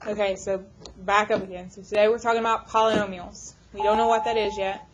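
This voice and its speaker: A woman's voice: medium pitch, little pitch movement, muffled recording, noisy background. Woman teacher quizzing her class. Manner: quizzes the class with quick questions. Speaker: math teacher. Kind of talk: classroom lecture.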